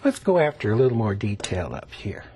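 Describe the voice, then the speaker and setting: A man teaching a televised painting lesson, gentle and coaxing, often dropping to a whisper as he demonstrates strokes and asks the viewer to look. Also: fairly low pitch, very animated, fairly quick, slight background noise. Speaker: painting instructor.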